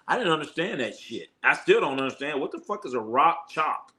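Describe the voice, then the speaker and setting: Bright-voiced man chatting on a live stream. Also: a little high, big pitch swings, fairly quick, few pauses. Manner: loose, profane, joking. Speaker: host of a live sports stream. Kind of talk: casual livestream chat reading viewer comments.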